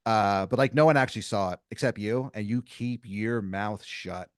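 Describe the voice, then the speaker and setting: A man's voice: fairly low pitch, normal speed, clear, resonant tone, no echo, studio quality. A man narrating an improvised comedy story as game master, rambling with lots of "like" and restarts. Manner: rambling, full of "like" and restarts, many acted quotes.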